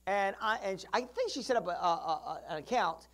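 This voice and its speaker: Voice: mid-range voice, animated, a little fast, fairly bright tone. A pastor preaching a sermon, telling stories and acting out characters, calling out to the congregation for responses and often restarting mid-phrase. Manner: storytelling, acting out Bible characters; frequent restarts and asides.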